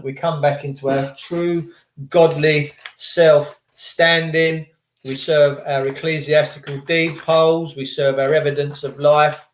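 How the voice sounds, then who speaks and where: A man's voice: mid-range voice, slight background noise. A man vlogging a rambling, preachy spiritual monologue to his viewers in casual slang. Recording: echoey room.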